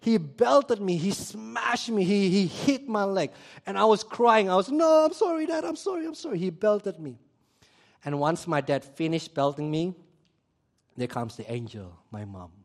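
A man preaching a sermon, telling a childhood story in a lively way and asking the audience questions. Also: high voice, measured pace, vocal fry. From Indonesia.

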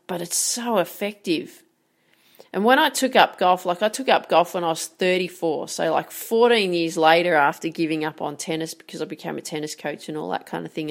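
A woman, talking straight to her audience as a sports mindset coach, earnest and emphatic, with frequent rhetorical questions. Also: on the low side. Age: 40s. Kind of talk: direct-to-camera coaching talk.

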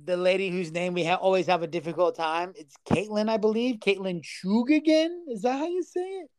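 A man's voice: high-pitched, animated, brisk, darkish tone, smooth, no room sound. A man co-hosting a casual sports betting podcast, talking loosely, swearing freely and stumbling over fighters' names. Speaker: podcast co-host.

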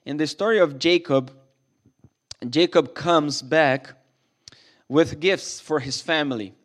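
Pastor guy preaching in a church, kinda high voice, earnest, keeps restarting sentences. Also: slow pace. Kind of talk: sermon.

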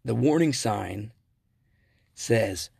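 A male podcast host with a low, gravelly voice and a husky edge. He rambles through stories in casual chat, correcting himself and chuckling as he goes. The sound is dry and close, like a home mic with no room behind it. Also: animated, very slow, darkish tone, no room sound. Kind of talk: casual solo podcast commentary.

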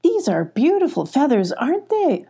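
A woman voicing a brave, clever young girl who talks in a bright, earnest voice. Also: sits high, expressive, measured pace, pitched above the performer's own voice, exaggerated voice. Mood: curious.

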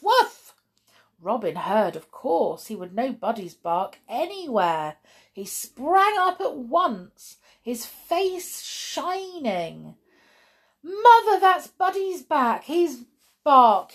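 A woman reading a children's story aloud as a podcast host, gentle and expressive. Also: mid-range voice, vocal fry, breathy edge. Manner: gentle, expressive, chatty sign-off.

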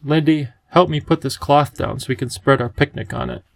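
A kindly, eccentric old professor, as a male reader puts him on, cheerful and fond of explaining things. The voice has a gravelly edge and sounds close and dry, as in a storybook reading. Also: medium pitch, steady tone, brisk, no room sound, lightly acted.

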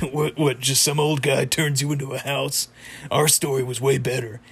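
A man's voice: mid-range voice, little pitch movement, moderate pace, creaky, husky. A man voicing a boastful, rude male jerk who mocks a story in a scornful tone. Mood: mocking. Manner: scornful, sneering.

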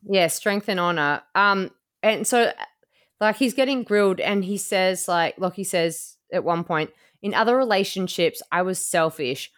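A woman's voice: medium pitch, a little slow. A woman hosting a casual chat podcast, sarcastic and swearing freely, mocking people in silly quoted voices. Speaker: podcast host.

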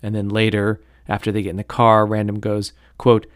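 Low-voiced man in casual chat. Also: level tone, normal speed, no echo, studio quality. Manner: rambling, many fillers and hedges; critical, opinionated commentary. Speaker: podcast host discussing a novel.

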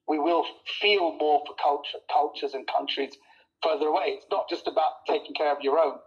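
A man talks in a casual interview chat as a comedian guest, his voice sitting a little high. He tells stories with animation, laughs often and stumbles over repeated words as he starts sentences. The sound is dull and lo-fi.

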